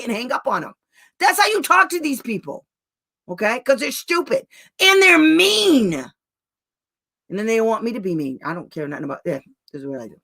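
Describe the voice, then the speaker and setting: A woman's voice: a little high, very animated, moderate pace, gravelly. Fiery, blunt woman advocate ranting. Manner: blunt angry ranting, loud at times; laughs between outbursts. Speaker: special education advocate. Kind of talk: heated live talk to parents.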